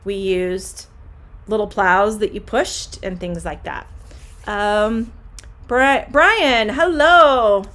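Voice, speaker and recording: A middle-aged woman English teacher, speaking slowly and clearly in a live online lesson. She greets viewers by name and takes her time over each answer, at an ordinary pitch. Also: fairly even intonation. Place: home classroom.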